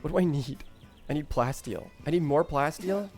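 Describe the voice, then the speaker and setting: A man's voice: on the high side, normal speed, a little mellow, faint music behind. A man streaming a game, rambling and joking with chat in crude casual talk, often stammering.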